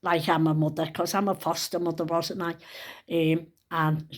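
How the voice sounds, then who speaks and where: A woman's voice: low-pitched, little pitch movement, normal speed. An older woman, telling rambling stories in a casual monologue, with plenty of swearing. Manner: rambling, chatty, salted with swearing. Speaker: vlogger.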